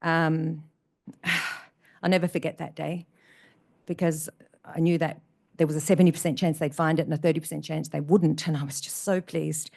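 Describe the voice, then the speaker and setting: A woman's voice: deep voice, flat delivery, normal speed, creaky, long pauses, dark tone. A middle-aged woman giving an emotional personal talk to an audience, repeating phrases for emphasis. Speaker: motivational speaker. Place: community event room.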